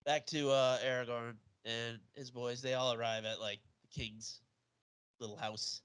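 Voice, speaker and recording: A man's voice: medium pitch, flat delivery, unhurried, a bit bright, smooth. A man hosting a podcast, recapping a film in sarcastic, jokey casual chat. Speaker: podcast host.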